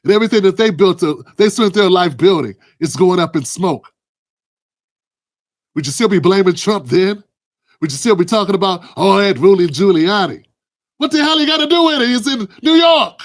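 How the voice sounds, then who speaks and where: A man's voice: high voice, animated, a little fast. Blunt, emphatic man commentator. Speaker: political commentary host. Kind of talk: heated political commentary.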